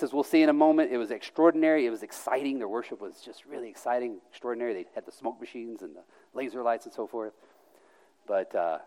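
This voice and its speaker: A man preaching a sermon as pastor, emphatic, with sarcastic put-on voices and frequent restarts. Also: mid-range voice. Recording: long hall reverb.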